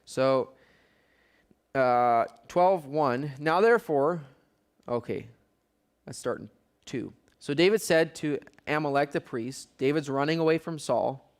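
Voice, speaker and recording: A man whose voice is a little high speaks at a slow pace while leading a Bible study. After reading scripture aloud, he explains it in a relaxed, conversational tone with wry asides.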